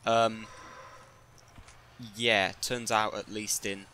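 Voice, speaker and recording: A man with a fairly low voice talks slowly through a game, joking and mocking himself as he goes. His commentary rambles casually and he often talks to himself. A steady hiss of background noise sits behind him. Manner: jokey, self-mocking, rambling asides to himself. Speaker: let's play gamer.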